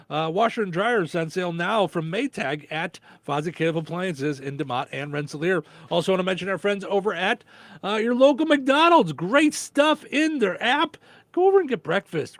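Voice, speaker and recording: A man hosting a radio show in casual chat, relaxed and full of fillers. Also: high voice, no echo. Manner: relaxed, chatty, lots of fillers.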